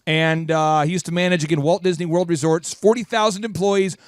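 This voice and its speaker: High, bouncy-voiced male talk show host. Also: fairly quick, no echo, studio quality. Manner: energetic, leading questions, comic asides. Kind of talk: business talk show banter.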